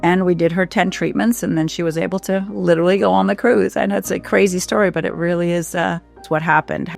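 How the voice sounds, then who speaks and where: Woman, clinic founder, gravelly voice, heartfelt testimonial, halting delivery. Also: lowish voice, steady tone, faint music behind. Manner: heartfelt, halting with fillers and repeats. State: emotional. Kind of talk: emotional testimonial.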